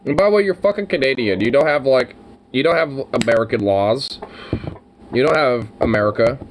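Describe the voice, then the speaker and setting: A man's voice: medium pitch, animated, a little fast, a little hiss or hum, low-quality recording. A man in casual, profane podcast banter, rambling with lots of fillers and frequent laughs.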